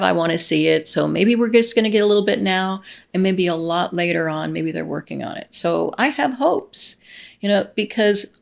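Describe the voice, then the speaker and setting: Middle-aged woman vlogger, low and gravelly, excitable, chatty. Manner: gushing, excitable, many restarts and laughs. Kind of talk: casual chat to camera.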